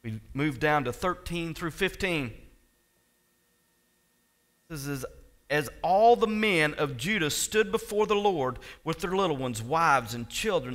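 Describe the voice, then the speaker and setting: A male pastor with a fairly high-pitched voice preaches to his congregation. His sermon swings from quiet asides to loud, impassioned moments as he addresses them directly.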